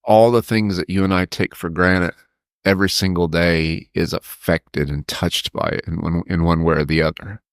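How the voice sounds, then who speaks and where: Man, very low voice, halting storytelling, dry close mic. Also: no echo. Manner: halting, stops to steady himself when emotional; acts out quoted people with raised pitch. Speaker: podcast co-host. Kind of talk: emotional personal storytelling.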